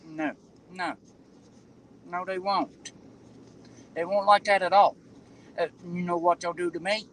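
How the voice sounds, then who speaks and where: A frustrated man talking outdoors on a street, halting and swearing as he complains. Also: sits high, fairly even intonation, a bit bright, slight background noise, low-quality recording. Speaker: homeless man interviewed on the street.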